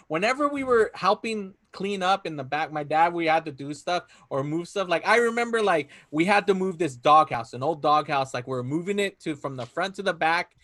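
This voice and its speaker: A man's voice: sits high, sharp tone, no echo. A young man telling stories in a casual chat, laid-back and full of fillers. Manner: laid-back storytelling with lots of fillers and Spanish phrases.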